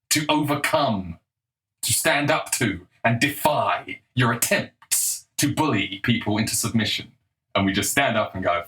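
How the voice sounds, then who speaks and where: A man's voice: mid-range voice, big pitch swings, measured pace, pushed and bright, rough recording. A man delivering a heated, scornful solo commentary and stressing his points hard. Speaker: political commentator.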